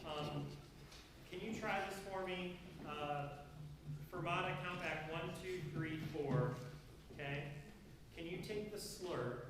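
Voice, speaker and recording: A man with a high voice coaches a band through a rehearsal, singing phrases on "da" and calling out counts. He sounds far from the mic in a very echoey hall, with steady noise around him. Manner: sings rhythms on syllables and counts off bars. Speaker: band conductor. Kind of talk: rehearsal instruction. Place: large rehearsal room. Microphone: distant room recording. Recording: very echoey hall, distant, noisy.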